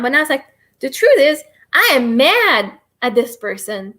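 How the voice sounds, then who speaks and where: A woman whose voice sits high, very animated and a bit bright, speaks without hurrying. On her casual livestream she explains and shows tapping, chatting, rambling and making fun of herself.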